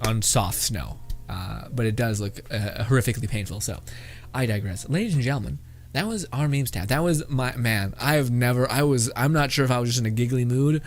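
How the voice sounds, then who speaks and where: A man hosting a casual reaction video who rambles, swears freely and keeps breaking into laughter. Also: mid-range voice.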